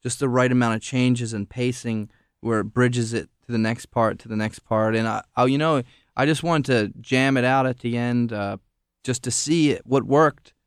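A man's voice: medium pitch, fairly even intonation, moderate pace, clean tone, no room sound, clean studio sound. A man, a musician guest on a podcast, talking in a laid-back, rambling way, full of filler words. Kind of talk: casual interview chat.

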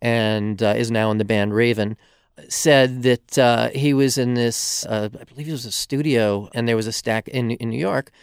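A male author, a podcast guest, tells long stories in a halting way full of fillers. His voice is smooth and resonant, with a gravelly low edge. The recording is dry and close. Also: steady tone, dry recording. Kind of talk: casual interview storytelling.

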